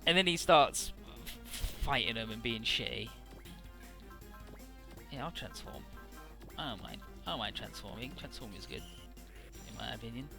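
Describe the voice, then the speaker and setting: A man's voice: medium pitch, animated, moderate pace, gravelly, pauses often, music in the background. A man hosting a let's play, summarizing the story in a rambling, profane and casual way. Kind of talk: casual game commentary.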